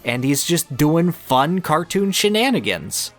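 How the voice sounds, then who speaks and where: A man's voice: a little high, big pitch swings, unhurried, a bit bright, faint music behind. A man co-hosting a casual podcast, giving passionate, analytical opinions in long, flowing runs. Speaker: podcast co-host. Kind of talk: casual game discussion.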